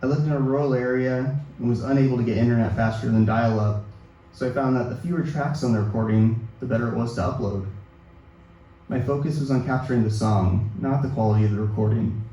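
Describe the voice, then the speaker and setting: A man in his thirties reading his own personal essay aloud at a literary event, in a measured, self-deprecating way. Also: medium pitch, mellow, muffled recording. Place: event hall at a book release reading. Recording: echoey hall, distant mic, faint noise.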